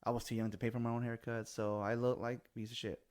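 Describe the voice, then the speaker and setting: A man's voice: mid-range voice, flat delivery, quick pace, darkish tone. A man in his forties hosting a casual chat, telling stories animatedly and swearing freely, with bits of Spanish. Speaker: podcast host.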